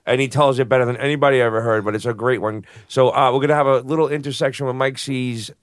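A man's voice: mid-range voice, fairly even intonation, quick pace, dry recording, studio quality. A man hosting a podcast in a casual, rambling, chatty manner. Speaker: podcast host. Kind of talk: casual chat.

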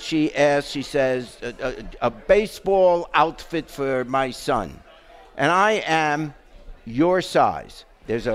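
An older man from England, hosting a podcast and telling a story in casual chat, with dry jokes. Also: on the high side. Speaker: podcast host.

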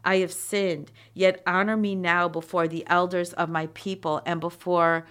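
A woman giving a chatty, animated Bible teaching, reading verses and adding asides. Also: lowish voice, moderate pace, smooth.

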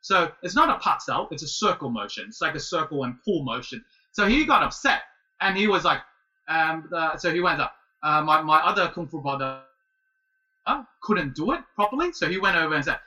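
Bright-voiced man telling a story. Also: a little high, recorded from a distance, poor audio. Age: 30s. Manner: animated, halting, many restarts and laughs. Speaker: guest, martial arts student. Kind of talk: casual storytelling.

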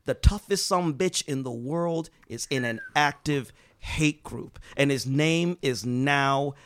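A man telling a sports history story on a podcast in a casual, animated way, acting out quotes and swearing freely. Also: takes it slowly, clean tone, dry recording. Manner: animated, acts out quotes with big pitch jumps and swearing.

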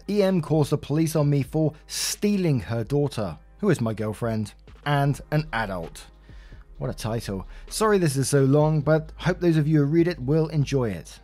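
A man's voice: mid-range voice, darkish tone. A man reading online posts aloud as a story narrator, adding wry casual asides between them.

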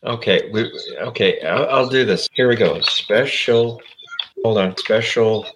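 Co-host, fifties, very deep voice, rambling teller. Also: male voice, measured pace, background noise. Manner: rambling storyteller, self-interrupting. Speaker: show producer and co-host. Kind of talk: casual comedy podcast chat.

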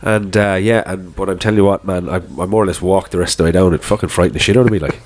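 Man, low voice, rapid talk, casual podcast chat, swears a lot. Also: fairly even intonation, a little mellow. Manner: swears freely, trails sentences with "like". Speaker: podcast co-host.

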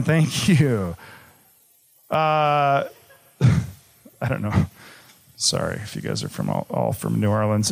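A man's voice: on the high side, vocal fry. A young man from Michigan telling a personal story on stage, candid and swearing freely, moving between jokes and gravity. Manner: candid, swearing, shifts from jokey to grave. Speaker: live storyteller.

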